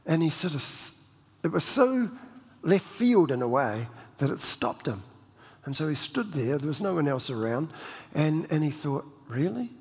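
A pastor delivers his sermon in a conversational, storytelling way, with many restarts, repeated words and self-deprecating humor. His slightly high voice is sing-song, a little mellow and husky at normal speed, and a church hall's long reverb surrounds it.

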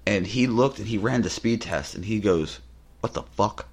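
A man's voice: lowish voice, normal speed, husky. A man co-hosting a podcast, telling casual anecdotes and acting out the people he quotes. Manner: animated, acts out quotes in his anecdotes. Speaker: podcast co-host. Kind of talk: casual storytelling chat.

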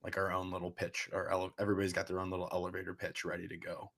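A man's voice: deep voice, very fast, gravelly. Casual young male podcast host. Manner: relaxed, casual with fillers like "like". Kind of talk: podcast conversation.

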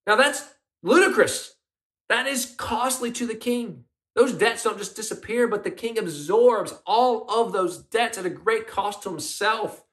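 A man with a high-pitched voice preaching a sermon. He tells the story in a conversational, questioning way and puts some emphasis into the characters' quoted lines. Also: fairly bright tone. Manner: conversational, asks the congregation questions. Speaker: pastor.

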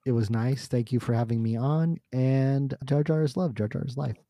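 A man appearing as a podcast guest, rambling and excitable in casual chat. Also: medium pitch, moderate pace, no echo.

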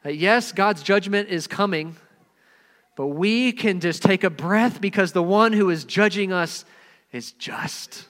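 A man delivers a sermon in an earnest, emphatic way. His voice sits high, and his stressed words swell before he drops to a near hush. A long reverb trails every phrase. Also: a little slow. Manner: earnest, emphatic, swings between loud stresses and quiet drops. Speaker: pastor.

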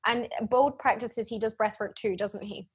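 A woman's voice: a little high, fairly even intonation, moderate pace, breathy edge. A woman hosting a casual podcast interview, who responds with encouragement and laughs along with her guest. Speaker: podcast host, breathwork teacher.

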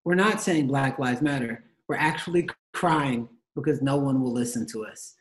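A man's voice: mid-range voice, moderate pace. A young man, a guest in a casual conversation, telling stories with passion and acting out the dialogue. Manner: passionate storyteller, acts out dialogue.

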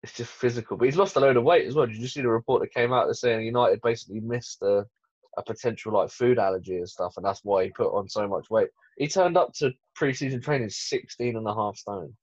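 A man chatting on a football podcast, giggly, animated and sweary. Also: medium pitch, quick pace, no room sound. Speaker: podcast co-host. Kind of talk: casual chat. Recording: dry, slightly dull lo-fi sound.

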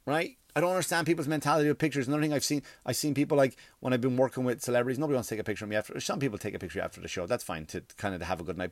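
A man's voice: medium pitch, no echo. Profane, rambling male comedian. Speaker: stand-up comedian. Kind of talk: casual storytelling chat.

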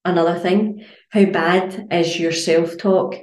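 A Scottish woman with a fairly low voice talks in a casual podcast monologue. She is blunt, swears freely and tells her stories with lots of energy. The room gives her voice a roomy echo. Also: slow pace. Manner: blunt, sweary, animated storytelling. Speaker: health and fitness coach.

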